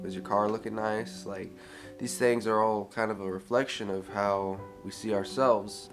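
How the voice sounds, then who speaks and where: A man in his twenties giving an earnest motivational vlog talk, addressing the viewer directly, swearing casually and saying "dude.". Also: on the low side. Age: 20s. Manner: earnest, gets worked up and pep-talks the viewer. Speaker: vlogger.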